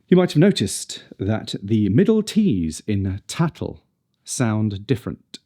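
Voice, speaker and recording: A man's voice: on the low side, big pitch swings, a little slow, mellow. A man teaching a pronunciation lesson, carefully demonstrating consonant sounds one at a time. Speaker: speech coach.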